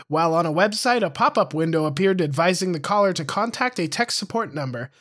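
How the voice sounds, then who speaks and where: A man's voice: high-pitched, animated, a little fast, fairly bright tone. A man co-hosting a casual talk show, reading police reports aloud and joking about them. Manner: reads reports then jokes about them.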